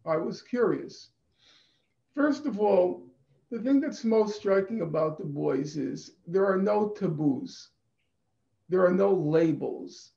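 A man giving a deliberate, emphatic conference talk over a video call, repeating phrases for stress. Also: high voice, expressive, gravelly, warm tone. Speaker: conference speaker. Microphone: computer mic on a video call. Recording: echoey, dull video-call audio.

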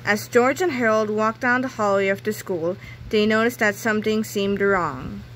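A woman reading a children's book aloud in a clear storytelling manner. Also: medium pitch, normal speed, fairly bright tone, slight background noise, rough recording. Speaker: reader.

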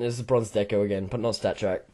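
A young man hosting a gaming channel, chatting casually while opening cases, swinging between mumbles and excited yelps. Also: fairly low pitch, quick pace, crowd noise. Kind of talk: casual case-opening commentary.

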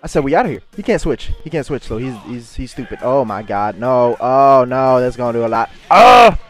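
A young man giving excitable gameplay commentary and trash-talking his opponent. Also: medium pitch, brisk, faint music behind. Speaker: gaming YouTuber.

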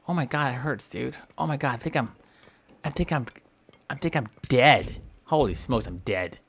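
A man's voice: medium pitch, lively intonation, normal speed, creaky, fairly bright tone, slight background noise. A man giving goofy in-character game commentary, playful and melodramatic, boasting and groaning in mock pain. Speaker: gameplay commentator.

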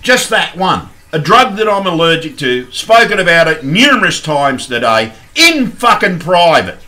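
A man ranting angrily in a vlog, yelling and swearing heavily, then calming down to apologize and sign off. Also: fairly high pitch, a little slow. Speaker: YouTuber. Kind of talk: angry vlog rant.

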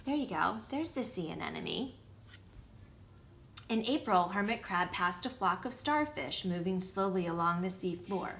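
A nursery school teacher, a woman, reading a picture book aloud to children with lively asides. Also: on the low side, a little slow, vocal fry, a little hiss or hum. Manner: warm, lively storytelling with asides showing pictures.

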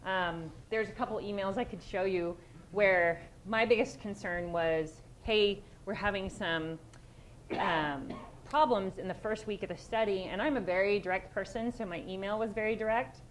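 A woman's voice: mid-range voice, normal speed, slight background noise, low-quality recording. A woman police sergeant giving a conversational conference presentation, direct and plain-spoken, with frequent restarts.

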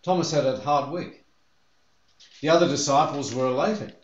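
A man's voice: fairly high pitch, normal speed, roomy sound, muffled recording. A man preaching a sermon as pastor, earnest and telling the story with feeling. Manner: earnest, acts out the disciples' voices in quotes.

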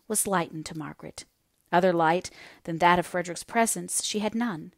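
Woman audiobook narrator, classic novel, measured and steady, lowish voice, dry close sound. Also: dry recording. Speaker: audiobook reader.

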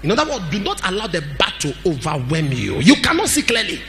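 A man preaches a sermon in a high, bright, forceful voice that swings widely in pitch. He bursts into shouts and slides into a sing-song cadence. Soft music plays faintly behind him. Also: huge pitch swings, fast talker, creaky. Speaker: pastor.

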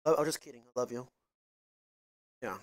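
A man streaming a game live, crude and brash, breaking into loud shouts between casual chat into a headset mic. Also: medium pitch, normal speed. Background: loud game music.

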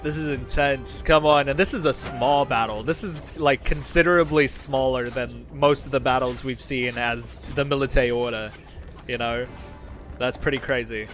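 A man giving excitable gameplay commentary, exclaiming often as the fight unfolds and rallying his troops. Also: medium pitch, normal speed, over music. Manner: rallies his game troops with shouted battle cries. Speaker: gaming video host.

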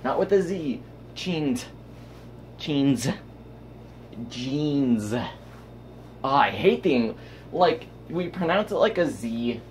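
A young man vlogs at home into a handheld phone, rambling casually from topic to topic and talking to himself. His voice is on the high side with big pitch swings, a little slow, with slight background noise.

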